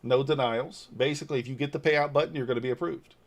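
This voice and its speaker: This trading livestreamer, a Northeast Georgia man in his forties, talks fast in a steady, mid-range voice. He responds to viewer comments out loud in a casual, blunt, loose way, throwing in some mild swearing.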